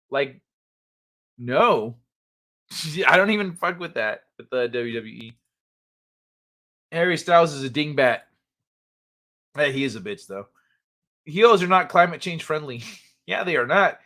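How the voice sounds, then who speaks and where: A man hosting a late-night live stream, chatting casually, swearing freely and telling stories with animated sound effects. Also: a little high, normal speed, long pauses. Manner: laid-back, profane, animated storytelling.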